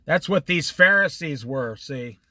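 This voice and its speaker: A man leading an informal Bible study, explaining scripture in an animated, storytelling way and acting out the quotes. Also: on the high side, a little slow, dry recording.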